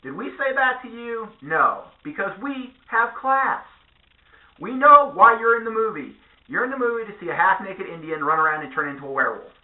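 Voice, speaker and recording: A man delivering a sarcastic, profane vlog rant in a lively, animated way. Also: high voice, brisk, few pauses, echoey room, phone-quality sound. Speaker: vlogger. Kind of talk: ranting monologue.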